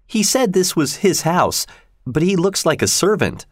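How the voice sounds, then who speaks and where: A man's voice: high-pitched, very animated, measured pace, no room sound, clean studio sound, voice pushed up, exaggerated voice. A man voicing a spoiled, haughty thirteen-year-old girl, demanding and imperious in a raised voice.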